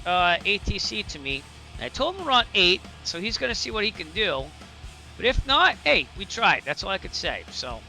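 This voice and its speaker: A man live-streaming flight sim commentary, excitable, effusive and grateful, chatting and thinking aloud as he sets things up. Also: high voice.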